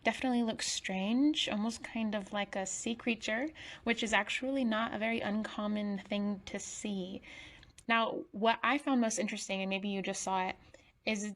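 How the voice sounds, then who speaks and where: A woman talks over footage in a relaxed, conversational voice-over, explaining what the viewer is seeing. Her pitch sits in an ordinary middle range. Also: moderate pace. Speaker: video narrator. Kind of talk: casual voice-over commentary.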